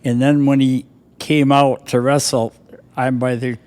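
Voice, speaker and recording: A man's voice: mid-range voice, flat delivery, a little slow, darkish tone, smooth, big-room sound. An older man, a podcast guest, telling rambling stories from his past with a chuckle now and then. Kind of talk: casual storytelling.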